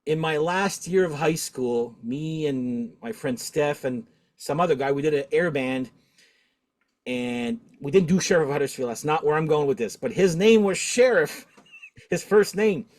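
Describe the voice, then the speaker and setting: A middle-aged man hosting a casual talk show, talkative and animated, laughing often. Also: fairly high pitch, moderate pace. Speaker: podcast host. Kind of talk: casual chat.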